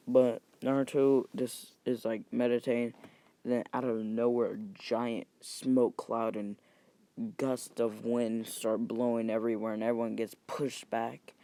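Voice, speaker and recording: A man's voice: medium pitch, mellow, no echo. A young man casually retelling an imagined fan story, rambling, swearing freely and correcting himself as he goes. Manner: rambling, profane, self-correcting.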